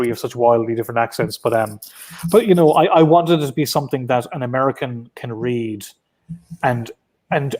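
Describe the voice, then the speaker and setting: The comic book writer, an Irish convention guest, comes through a video call in a medium-pitched, slightly mellow voice. His casual talk wanders, full of false starts.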